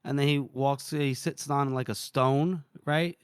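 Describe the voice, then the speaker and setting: A man co-hosting a podcast, casually retelling a book chapter with animated delivery, laughing and swearing. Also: medium pitch, a little slow, clear, resonant tone, no room sound, clean studio sound. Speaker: podcast co-host.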